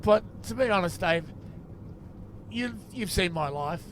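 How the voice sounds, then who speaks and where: An Australian man with a higher-than-usual voice trades stories with a friend on a long drive. He is dry and anecdotal, slipping into quoted voices as he goes. Faint car noise hums underneath. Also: expressive, measured pace, a bit bright. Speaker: podcast co-host. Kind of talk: casual chat. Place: inside a moving car.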